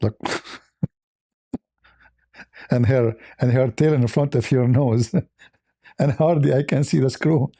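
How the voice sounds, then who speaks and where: A man's voice: takes it slowly, pauses often, dark tone, dry recording, clean studio sound. A man hosting a casual talk show, rambling through a story with many restarts and fillers. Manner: rambling, many restarts and fillers, squeaky voices when quoting. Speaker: host.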